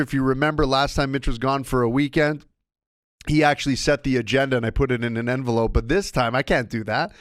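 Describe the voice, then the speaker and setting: Animated man hosting a sports podcast. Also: no echo, studio quality. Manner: animated storyteller with wide swings of pitch. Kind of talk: casual solo podcast monologue.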